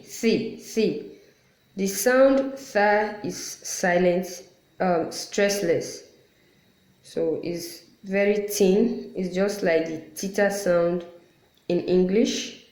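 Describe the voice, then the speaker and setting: A woman teaching Quran letter pronunciation patiently, repeating each sound to demonstrate and pausing to apologize. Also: fairly low pitch, a little mellow. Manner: apologetic asides. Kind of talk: explanatory lesson. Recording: roomy echo.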